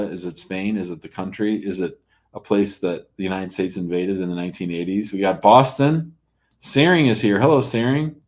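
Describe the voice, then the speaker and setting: A middle-aged male lawyer running a live call-in stream, reading viewer comments aloud. He is blunt and jokey, and his voice sits a little low. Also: a little mellow. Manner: blunt, joking, reads chat comments aloud. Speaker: immigration lawyer hosting a live call-in show. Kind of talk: casual live-stream chat.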